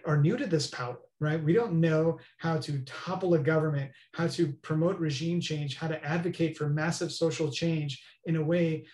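A man's voice: fairly high pitch, moderate pace, few pauses, darkish tone. A man speaking as an interview guest, explaining earnestly and often checking in with "right?". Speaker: guest expert. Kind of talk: interview conversation. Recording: roomy echo.

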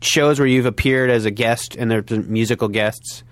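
A man's voice: medium pitch, fairly even intonation, normal speed, dry recording. A podcast host, a man with a mid-range voice, keeps his remarks short and jokey while his guest talks. His voice is recorded dry and close. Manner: brief interjections, jokey prompts. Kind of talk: casual interview.

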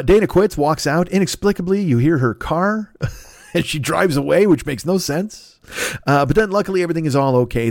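During a casual podcast ad read, the host, whose mid-range voice is a little mellow, meanders through a crude, joking sponsor spot full of tangents. The sound is clean studio audio with no room sound.

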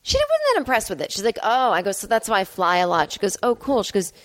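A woman's voice: mid-range voice, huge pitch swings, quick pace. A woman hosting her own podcast, telling a comic story in a self-deprecating way and acting out both sides of the conversation. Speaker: podcast host. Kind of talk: solo comedic storytelling. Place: home apartment.

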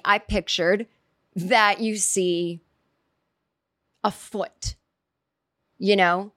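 A woman's voice: mid-range voice, fairly bright tone, dry recording, studio quality. A woman telling a casual comic story, rambling and chatty, acting out quoted reactions as she goes.

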